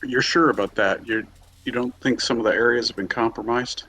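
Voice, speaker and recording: Guy playing the rpg, husky voice, blunt and direct. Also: mid-range voice, fairly even intonation, fairly quick, bright, forceful tone, rough recording. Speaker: player. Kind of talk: playing a tabletop game.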